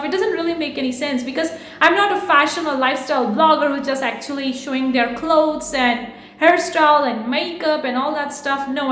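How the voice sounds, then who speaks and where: A fast-talking woman with a non-native English accent, speaking frankly and defensively to camera as an online business YouTuber. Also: sits high, a bit bright. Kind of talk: casual talk to camera. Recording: echoey room.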